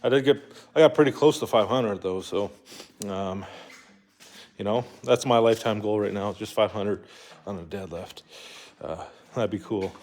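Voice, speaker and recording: A young vlogger delivers a casual, rambling monologue full of fillers, restarts and swearing. His voice sits lowish and a little mellow, at a moderate pace with frequent pauses.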